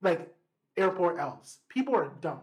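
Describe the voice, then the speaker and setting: A man's voice: on the high side, sing-song, unhurried. A man co-hosting a podcast, telling a story in loose slangy chat. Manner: slangy, loose, says "bro" a lot. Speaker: podcast co-host.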